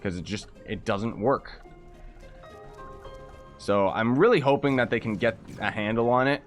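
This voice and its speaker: A man chatting casually during a live game stream, ranting in frustration and breaking into quick exclamations. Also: on the low side, lively intonation, faint music behind. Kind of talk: casual live-stream chat while gaming.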